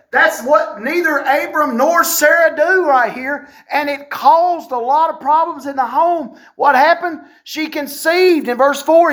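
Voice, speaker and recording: A middle-aged man preaching a sermon as a pastor, folksy and animated, with wry asides. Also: extremely high pitch. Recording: echoey room sound.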